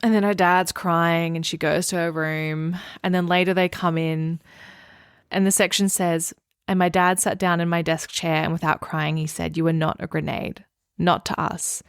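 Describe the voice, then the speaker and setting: Woman on a book podcast, smooth clear voice, dry close sound, earnest, reads quotes out soft. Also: on the low side, flat delivery, normal speed, dry recording. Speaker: podcast co-host. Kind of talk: casual book discussion with read-aloud passages.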